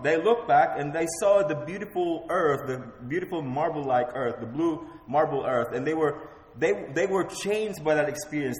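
A man preaching a sermon as pastor, emphatic and repeating key words for effect. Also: fairly high pitch. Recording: roomy hall with long reverb.

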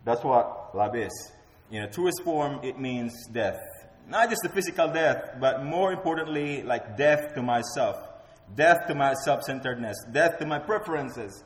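A man's voice: medium pitch, lively intonation, unhurried. A man preaching a sermon as pastor, emphatic and repeating key words for effect. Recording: roomy hall with long reverb.

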